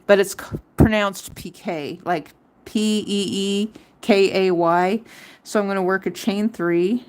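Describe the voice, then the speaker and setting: A middle-aged woman hosting a live crochet tutorial, chatting casually and counting her stitches aloud. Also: lowish voice. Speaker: crochet livestream host.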